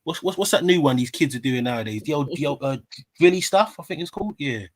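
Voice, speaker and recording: A man's voice: on the high side, animated, fast talker, no room sound. A Jamaican man, chatting on a live panel in a laid-back, slangy way, getting defensive as he jokes. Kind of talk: casual panel chat.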